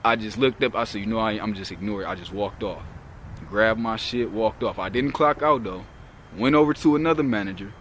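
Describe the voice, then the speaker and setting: A man's voice: fairly low pitch, brisk, fairly bright tone, a little hiss or hum. A young man vlogging outdoors, retelling a work story in a heated, profane, rambling way. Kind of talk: casual storytelling.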